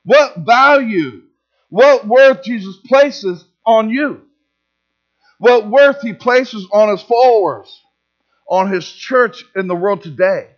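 A man with a high voice delivers a sermon to his congregation in church. He speaks emphatically, repeats key phrases and puts questions to the listeners. The recording is dull and lo-fi, with a steady mains hum underneath. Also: takes it slowly. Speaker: pastor. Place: church service.

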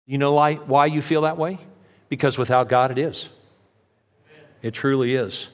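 A man preaching a sermon as pastor, telling stories in an animated way and acting out the voices he quotes. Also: medium pitch. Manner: animated storytelling, acts out quotes. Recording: long hall reverb.

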